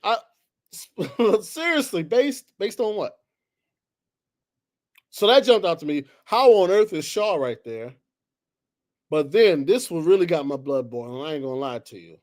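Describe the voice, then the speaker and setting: A man hosting a solo sports talk show, heated and exasperated, jumping from loud outbursts to low muttering. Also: expressive, moderate pace. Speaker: sports commentary host.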